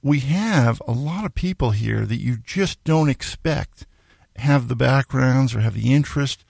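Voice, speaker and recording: A man's voice: medium pitch, animated, unhurried, creaky, darkish tone, no room sound, clean studio sound. A middle-aged man hosting a casual interview show, telling stories and acting out the people he quotes. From Maine. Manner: storytelling, acting out quoted voices, laughs. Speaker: host.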